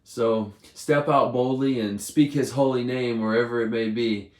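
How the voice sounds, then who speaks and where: A man's voice: medium pitch, fairly even intonation, measured pace. A man giving a casual Bible devotional, retelling loosely with many fillers. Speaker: devotional speaker. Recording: roomy echo.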